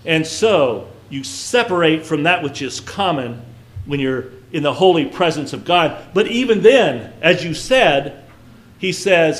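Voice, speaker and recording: A man giving a casual Bible lesson, talking conversationally and asking his listeners questions. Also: on the high side. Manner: conversational, asks the listeners questions, frequent restarts. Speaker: Bible teacher.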